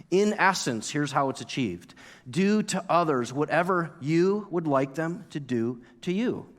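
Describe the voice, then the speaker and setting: A pastor from New York giving a sermon, telling a story and acting out his own past outburst with lively energy. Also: on the high side. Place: church sanctuary. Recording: long reverb of a church hall.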